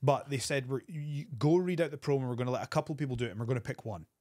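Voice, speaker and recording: Man telling a lively story. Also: no room sound, studio quality. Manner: animated storyteller, quick bursts of pitch. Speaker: wrestler guest. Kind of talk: storytelling interview.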